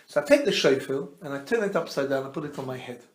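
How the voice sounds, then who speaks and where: A man, a rabbi, teaching a Torah class as an animated storyteller who quizzes his listeners and mixes Hebrew terms into his teaching. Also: medium pitch, fast talker, slight background noise. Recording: roomy echo.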